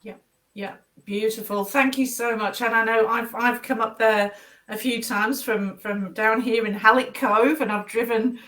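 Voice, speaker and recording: A woman's voice: a little high, fairly even intonation, a little slow, fairly bright tone, distant mic. A woman hosting a casual interview, asking long encouraging questions. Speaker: host.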